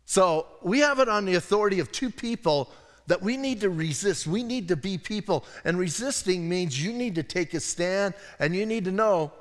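A man's voice: sits high, moderate pace. Chatty male pastor in reverberant hall. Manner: conversational, digressive, animated asides. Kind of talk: sermon. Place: church sanctuary.

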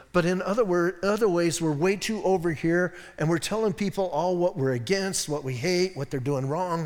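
A male pastor with a fairly high voice, preaching in an animated, conversational way. His words ring through a church hall with a long reverb. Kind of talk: sermon. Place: church sanctuary.

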